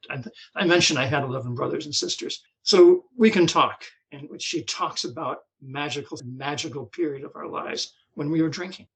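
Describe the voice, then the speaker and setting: An older man from New Jersey telling his story as a guest, halting and repeating words as he talks. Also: fairly high pitch, fairly bright tone, rough recording. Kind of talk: personal recovery story.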